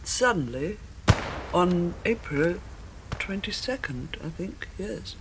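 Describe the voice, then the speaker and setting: An older woman recalling events in a slow, halting way, restarting phrases and using grammar. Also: on the low side, expressive, noisy background. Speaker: eyewitness interviewee. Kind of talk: recalled testimony.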